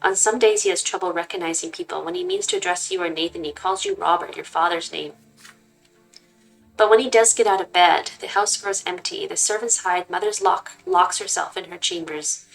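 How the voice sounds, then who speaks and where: A woman reading a text-based game aloud in an expressive way and stopping to make casual remarks. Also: lowish voice, brisk, vocal fry, faint music behind, rough recording. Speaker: gaming channel host. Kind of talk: reading a visual novel aloud with comments.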